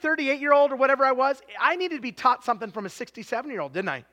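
A man in his forties preaching a sermon, telling stories with lots of restarts and sometimes dropping to a hushed, confessional tone. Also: very high voice, animated, rapid-fire, hardly any pauses. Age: 40s. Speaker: pastor.

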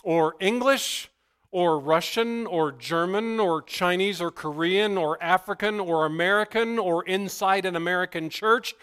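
A man preaching as pastor, who prays softly and then tells stories with animated, emphatic bursts. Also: clean tone. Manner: animated storytelling, rising to loud emphatic bursts; hushed, low prayerful delivery. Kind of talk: sermon with opening prayer.

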